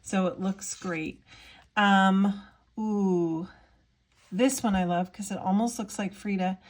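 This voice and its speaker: A woman's voice: medium pitch, slow. A woman in her thirties, an artist chatting casually in her vlog, bubbly and gushing with lots of fillers as she shows her work. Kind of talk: casual chat while showing items.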